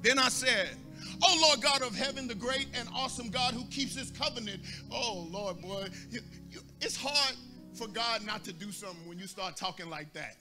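A man's voice: very high voice, normal speed, over music. A man pastor preaching a sermon, asking the congregation for responses and rising into a sung cadence.

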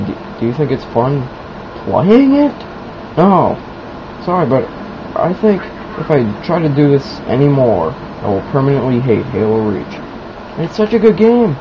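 A man's voice: medium pitch, moderate pace. A young man giving casual, mock-serious commentary over his own video game play. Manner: mock-serious, then loud and giddy. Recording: lo-fi, noisy home recording.

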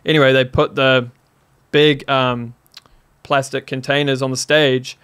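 A man from New Zealand with a New Zealand accent, a podcast guest telling a story in a casual, animated way, laughing often and saying "like" a lot. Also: mid-range voice, unhurried, clean tone.

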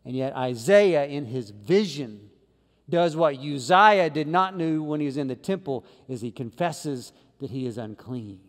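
A man preaching a sermon as pastor, swinging between loud emphatic lines and low quiet ones. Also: a little slow, big-room sound. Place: church sanctuary.

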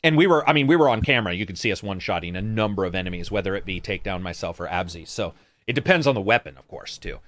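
A man's voice: low voice, expressive, very fast, fairly bright tone, slight background noise. A man co-hosting a casual gaming chat show, reading viewer comments aloud and answering in a rambling, sarcastic way with plenty of swearing.

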